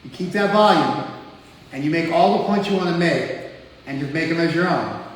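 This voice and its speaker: At a normal pace, a slightly high American male voice teases and jokes through a spiritual lecture for a live class. He talks conversationally, leaning on "like," and the recording comes from a far-off mic in an echoey hall.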